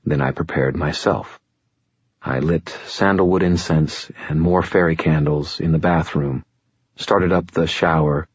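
A man reading a first-person novel aloud as an audiobook, in a wry, measured narration. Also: deep voice, slightly rough, no echo, highs cut off.

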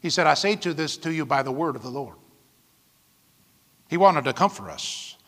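A man's voice: a little high, expressive, moderate pace, a bit bright, in a large hall. A man preaching a sermon as pastor, reading scripture aloud and breaking into whoops and laughter. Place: church.

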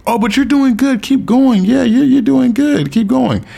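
A man putting on a high, sing-song voice to mock a condescending person praising a language learner. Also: normal speed, vocal fry, mellow, husky, full character voice.

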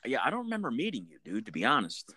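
A man's voice: mid-range voice, wildly swooping pitch, very fast, bright, forceful tone, husky, no echo. A man in a casual chat, reminiscing about military service and prompting his friend for stories. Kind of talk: casual conversation.

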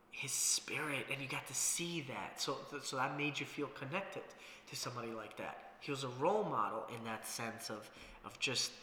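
A man with a bright, forceful voice talks through a casual solo podcast. He rambles and reflects, with plenty of filler words and frequent swearing. His voice rings in a reverberant room with a long tail and faint hiss underneath. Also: mid-range voice. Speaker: podcast host. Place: room in Las Vegas.

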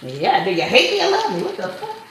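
A woman's voice: sits high, wildly swooping pitch, quick pace, a little hiss or hum. Laughing, slangy woman in an echoey kitchen. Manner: loud, slangy, laughing often. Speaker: podcast host. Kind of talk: casual podcast chat while cooking.

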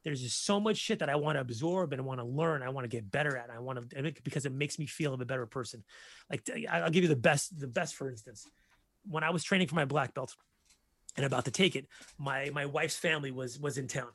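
A man in his forties telling stories in a casual chat, animated and profane. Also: medium pitch, quick pace, no echo. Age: 40s.

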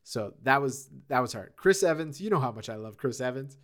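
His voice is mid-range, and as a podcast co-host he keeps the casual chat animated, breaking into laughter readily.

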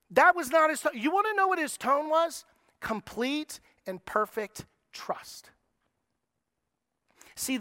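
A middle-aged man preaching a sermon, moving between lively, raised passages and soft, slow, quiet lines. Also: very high voice, no room sound, studio quality. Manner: preaching with dramatic shifts in tone, acting out voices. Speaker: pastor.

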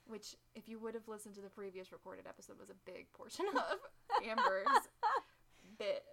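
A woman's voice: medium pitch, animated, fast, gravelly, very noisy. A woman co-hosting a podcast, casually retelling a history story with joking asides and lots of "um" and "like". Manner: chatty, joking asides, frequent "um" and "like".

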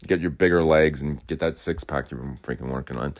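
This podcast host is a young man whose voice sits low and deep, and he talks briskly in a rambling casual monologue. Swearing often, he keeps circling back to the same complaints and repeating himself while wandering in and out of his rural home.

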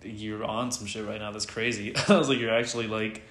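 Fast-talking man telling a story. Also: fairly low pitch, reverberant. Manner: animated retelling, swears freely, quotes others in voices. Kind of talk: casual storytelling chat.

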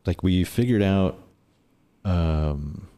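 A man with a very deep voice tells a long story in a relaxed podcast chat. He swears a lot and acts out both sides of an old argument as he goes. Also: drawn-out words. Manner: profane, animated storyteller acting out quotes. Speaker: podcast guest.

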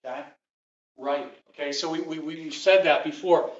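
A man's voice: a little high, normal speed. A man preaching a sermon to his congregation, emphatic and repeating his points, asking the people questions. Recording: dull lo-fi recording.

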